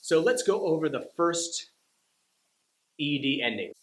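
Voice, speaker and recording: Male pronunciation teacher, unhurried and clearly articulated, recorded in an echoey room. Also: fairly high pitch, big pitch swings. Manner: slow, deliberate, over-articulated demonstrations. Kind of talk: scripted lesson to camera. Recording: roomy echo.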